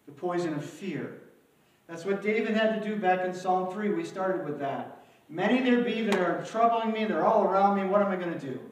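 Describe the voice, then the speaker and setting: Booming echoey preacher from afar. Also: male voice, distant mic. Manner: dramatic, swings from loud outbursts to hushed emphasis. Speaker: pastor. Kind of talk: sermon. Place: church, alone without live audience.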